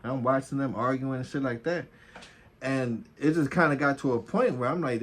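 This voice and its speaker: A man's voice: medium pitch, normal speed, fairly bright tone. Laid-back male vlogger, casual slangy storytelling, cursing freely. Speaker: vlogger, former officer.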